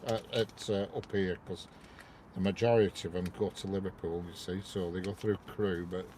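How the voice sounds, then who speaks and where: Chatting casually on a live stream, this northern English railway streamer rambles and welcomes viewers by name from his car, parked near a railway bridge. His deep, darkish voice stays fairly even at normal speed. The wireless clip-on mic inside the car adds a little hiss or hum.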